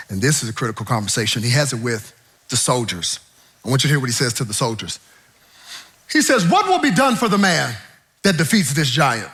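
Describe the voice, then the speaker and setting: An animated male preacher delivering a sermon in a high, bright voice. He is humorous and acts out scenes vividly, his pitch swooping widely for emphasis. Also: breathy edge.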